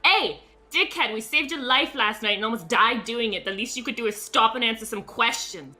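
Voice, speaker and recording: A woman's voice: fairly high pitch, brisk, pushed and bright, soft background music. A woman voicing a blunt, brash female adventurer. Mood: angry.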